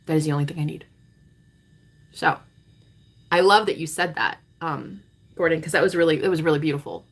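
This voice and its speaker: A spiritual coach in her thirties addresses her vlog viewers in a dramatic, profanity-laced monologue, swinging from loud declarations to hushed asides. Her voice is low and slightly rough, and she talks a little fast.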